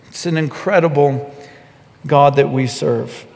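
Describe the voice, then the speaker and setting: A man's voice: mid-range voice, measured pace, creaky, darkish tone. Guy preaching, earnest, trips over his words a lot, long hall echo. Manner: earnest, stammering restarts, acts out quotes. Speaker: pastor. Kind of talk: sermon.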